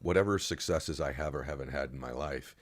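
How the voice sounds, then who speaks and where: Fast-talking deep-voiced male podcast host. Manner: enthusiastic, affirming, talks in quick bursts. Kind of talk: casual interview.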